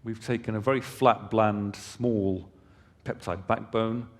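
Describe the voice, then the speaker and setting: At a slow pace, a company presenter with a slightly low voice explains things from a conference hall stage in an easygoing, conversational style, adding off-hand asides for the crowd. A long reverb from the hall follows each phrase.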